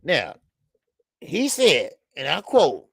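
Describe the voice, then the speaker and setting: A man with a slightly high, gravelly voice hosts a boxing livestream, his pitch swinging widely as he jokes, curses and calls out chatters by name. The sound is dry and close, with no room around it. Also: slow pace, no echo. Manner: animated, chatty, laughs often, greets chatters; profane slang. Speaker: boxing show host. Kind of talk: casual livestream commentary.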